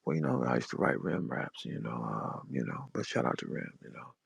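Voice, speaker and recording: A man imitating another rapper's put-on low seductive voice, breathy and half-whispered with lazy drawn-out fillers. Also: animated, no room sound, exaggerated voice. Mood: mocking. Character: smooth-talking man in a low seductive flirting voice.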